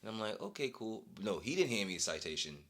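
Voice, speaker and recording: A young man with a deep voice tells a story straight to the camera. His pitch leaps around animatedly, and he sounds exasperated but amused, often laughing through it. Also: big pitch swings, fast, a bit bright. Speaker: vlogger. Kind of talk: casual storytelling rant.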